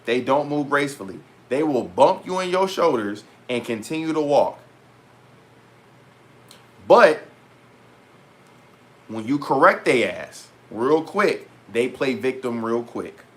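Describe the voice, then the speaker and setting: A young man vlogging in a casual, animated rant to his viewers, full of slang and repeated asides. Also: mid-range voice, takes it slowly, pauses often. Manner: animated, heavy slang, repeats "bro" and "petty". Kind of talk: casual storytelling rant to camera.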